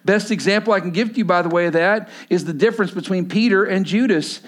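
A man's voice: sits high, fast, few pauses. A man preaching a sermon with emphasis, often repeating his key lines for the congregation. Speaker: pastor.

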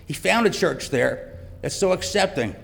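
A man's voice: a little high, animated, measured pace, creaky, a bit bright. A middle-aged man giving a heartfelt, emotional personal testimony in a church. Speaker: church guest speaker, father. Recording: long church reverb.

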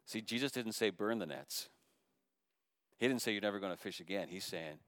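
A man, a middle-aged pastor, preaching a sermon that moves between loud impassioned calls and soft, hushed appeals. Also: on the low side, animated, brisk, dry recording, clean studio sound.

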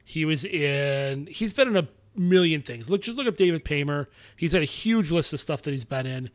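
Man, podcast co-host, casual chat, rambling, jokey, slightly high voice. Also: expressive, normal speed.

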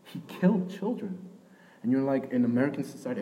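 A young man preaching with a mellow, warm voice, chatty and personal rather than formal. He swings between loud, emphatic bursts and quiet, near-whispered asides. A faint hum of room noise sits behind him. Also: mid-range voice, sing-song, a little fast, rough recording. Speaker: pastor. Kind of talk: sermon.

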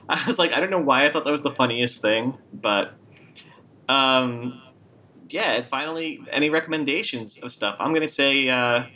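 A man's voice: medium pitch, moderate pace, sharp tone. A man hosting a casual podcast chat, laughing often and joking with his co-hosts. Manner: laughs often, loose and jokey. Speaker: podcast host.

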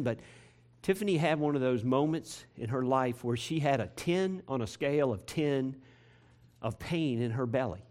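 A pastor with a medium-pitched voice delivers a sermon to his congregation inside a church sanctuary. His preaching relies on repeated phrases that climb toward loud, emphatic high points.

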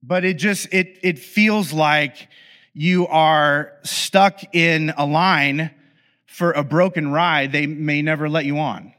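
A man's voice: a little high, fairly even intonation, takes it slowly, a bit bright. A man giving a conversational sermon, telling a humorous story and acting out exasperated inner voices. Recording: echoey hall reverb.

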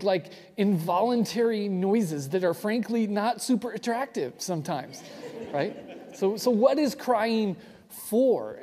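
A man preaching a sermon in a relaxed, conversational way, often asking the audience questions. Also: high voice. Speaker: pastor. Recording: reverberant hall.

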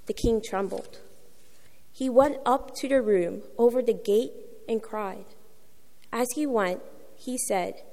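A woman reading scripture aloud in a church service, measured and expressive. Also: a little high, long reverb tail. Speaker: scripture reader. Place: church sanctuary.

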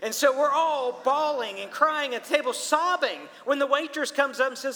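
Bright high-voiced man preaching in a hall. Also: unhurried. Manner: storytelling, animated, addresses people directly. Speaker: pastor. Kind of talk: sermon with personal story. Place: church hall. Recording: long hall reverb.

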